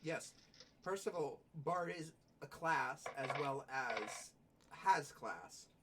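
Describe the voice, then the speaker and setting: A man's voice: a little high, animated, slow pace, noisy background. Wisecracking man at the game table. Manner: teasing, wisecracking. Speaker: player. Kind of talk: casual tabletop game session.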